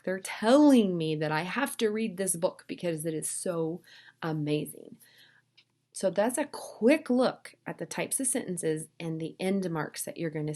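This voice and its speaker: A woman teaches English to language learners in a clear, upbeat classroom manner. Her voice sits a little low, and she reads example sentences aloud with lively expression.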